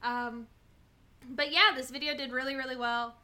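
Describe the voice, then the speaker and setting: A woman's voice: high-pitched, fairly even intonation, normal speed, pushed and bright. A young woman chatting casually as a guest, rambling with lots of ums and likes. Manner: rambling, filler-heavy with many ums and likes. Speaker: guest content creator. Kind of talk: casual chat.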